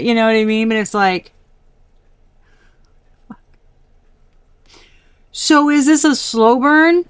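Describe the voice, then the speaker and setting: A woman's voice: fairly high pitch, normal speed, long pauses, smooth, dry recording. A woman giving a casual collective tarot reading, talking bluntly with exasperated asides and frequent swearing. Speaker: tarot reader.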